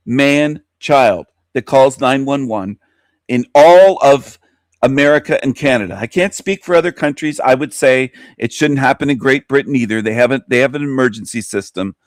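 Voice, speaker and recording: A man's voice: mid-range voice, dry recording, clean studio sound. Swearing, heated male radio host. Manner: heated, swearing, repeats himself. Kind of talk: angry profane radio rant.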